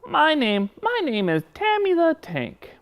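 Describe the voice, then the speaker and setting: A man doing an excitable tank puppet who swaps S for T. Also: extremely high pitch, measured pace, voice pushed up, exaggerated voice. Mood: eager. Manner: eager, stumbles over S sounds and says T instead. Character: excitable young male toy-tank puppet with a lisp. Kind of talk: children's puppet show.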